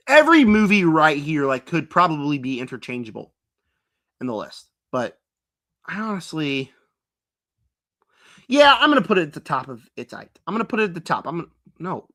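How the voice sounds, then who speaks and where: A man's voice: on the high side, sing-song, a little fast, bright, forceful tone. A young man reviewing movies on a live stream, rambling casually with lots of fillers and mocking impressions of characters. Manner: rambling, filler-heavy, mocks characters with put-on quotes. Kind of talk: casual live-stream tier list chat.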